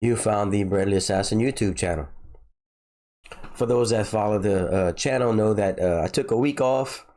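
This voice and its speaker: A man's voice: on the low side, normal speed, a little mellow. A man hosting his own video channel in a casual solo talk, sounding stuffy from a head cold and rambling with many filler words and restarts. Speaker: crypto channel host.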